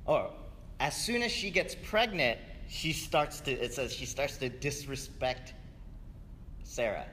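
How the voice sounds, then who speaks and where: Slow-talking man preaching in a hall. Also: medium pitch, big pitch swings, bright, forceful tone, a little hiss or hum. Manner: conversational, keeps asking "right?". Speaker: pastor. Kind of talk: sermon. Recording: echoey hall, faint ambience.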